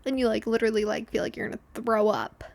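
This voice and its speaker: A woman's voice: a little high, level tone, fast talker, vocal fry. A young woman hosting a podcast, telling a story in a chatty, self-deprecating way and acting out the lines of the people in it. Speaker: podcast host. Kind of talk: casual solo storytelling.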